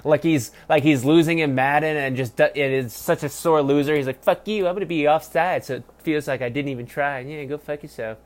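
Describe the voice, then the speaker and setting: A young man hosting a solo football review, talking casually with heavy swearing, rambling and mocking, swinging between loud outbursts and low mutters. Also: steady tone, a little fast, hardly any pauses. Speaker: sports podcast host.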